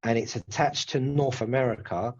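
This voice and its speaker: A man, hosting a podcast and chatting casually, animated and sweary as he rambles. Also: mid-range voice, normal speed. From England. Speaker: podcast host. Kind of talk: casual chat. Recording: dull lo-fi sound.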